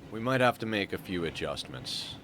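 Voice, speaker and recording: A man's voice: deep voice, background noise. A man casually commenting on his game as he plays, stuffed up with a morning voice and rambling with fillers as he thinks aloud. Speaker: streamer playing a colony sim.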